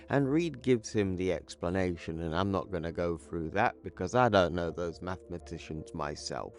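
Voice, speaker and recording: A man's voice: sits low, animated, moderate pace, hardly any pauses, faint music behind. A man casually narrating a comic book recap for his channel. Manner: casual, conversational.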